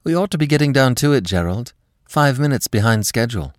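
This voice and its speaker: A man voicing an anxious, restless young wife in an audiobook reading, raising his voice higher and speaking quickly. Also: lively intonation, no echo, clean studio sound, close to an everyday voice. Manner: nervy, quick, higher pitched.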